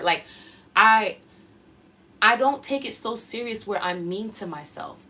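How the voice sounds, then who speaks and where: A woman's voice: medium pitch, pushed and bright, slight background noise. A young woman talking casually and slangily to her followers, giving motivational self-help advice. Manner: casual, slangy, addresses viewers as y'all.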